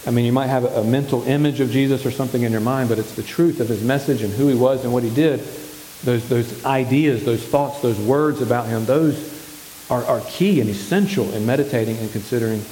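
A man's voice: mid-range voice, a little fast, mellow. A male pastor preaching a sermon, asking the congregation questions and answering them himself. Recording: echoey hall with faint hiss.

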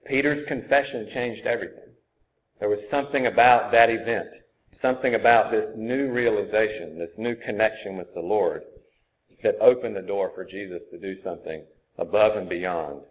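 Earnest low-voiced preacher, tinny sound. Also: male voice, normal speed. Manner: conversational, earnest, thinks aloud. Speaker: pastor. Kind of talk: sermon.

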